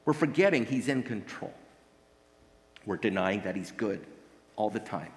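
A man's voice: on the low side, animated, a little slow. A man preaching a sermon as pastor, earnest and emphatic, asking the congregation rhetorical questions. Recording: long hall reverb.

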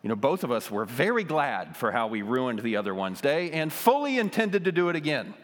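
A man's voice: mid-range voice, very animated, fairly quick, big-room sound. A man giving a conversational sermon, telling a childhood story with lots of ums and self-deprecating humor.

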